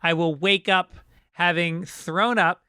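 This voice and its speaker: A man's voice: high voice, fairly even intonation, takes it slowly, pushed and bright, clean tone, dry recording, studio quality. A man co-hosting a podcast in casual chat, candid and rambling as he tells a story. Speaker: podcast co-host.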